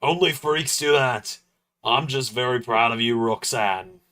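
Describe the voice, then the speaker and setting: A man doing a gruff wrestler impression. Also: medium pitch, unhurried, sharp tone. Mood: mock stern.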